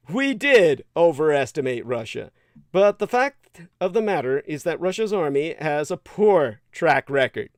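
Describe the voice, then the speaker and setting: A man with a high, clear, smooth voice, hosting a livestream commentary. He reads quotes aloud and then cuts in with profane, scornful rants. The sound is dry and close. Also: no room sound. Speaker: livestream host.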